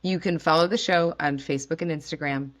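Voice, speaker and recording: A woman's voice: low voice, fairly quick. A woman hosting a podcast, chatting casually and animatedly with lots of fillers. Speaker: podcast host. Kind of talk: casual chat.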